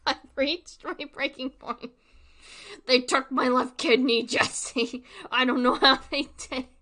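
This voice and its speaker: A woman's voice: high voice, fairly even intonation, slow, a bit bright. Woman doing a desperate melodramatic man.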